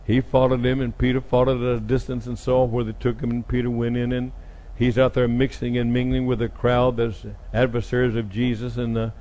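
A man's voice: mid-range voice, monotone, fairly quick. Man preaching with dramatic swings. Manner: dramatic retelling, acting out speakers with sudden loud jumps. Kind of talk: sermon.

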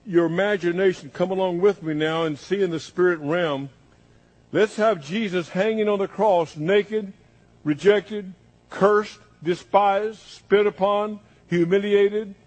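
Husky high-voiced male preacher. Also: darkish tone, low-quality recording. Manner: dramatic preaching with long repeated lists. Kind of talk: sermon.

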